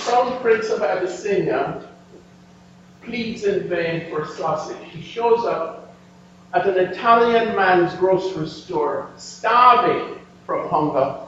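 Man lecturer, high voice, slow and emphatic, distant echoey lo-fi hall recording. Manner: animated, emphatic, addresses audience. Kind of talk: history lecture with slides. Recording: echoey, distant, dull lo-fi room recording with faint hum.

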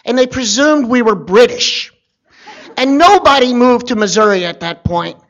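A man from Virginia telling a personal story in a wry, conversational way with deadpan asides. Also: extremely high pitch, normal speed, dull audio.

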